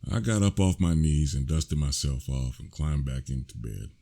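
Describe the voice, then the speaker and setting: A man with an extremely deep, low voice reads his own horror story in the first person. He tells it slowly and in a hushed way, and breaks into sudden shouted lines. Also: animated, gravelly.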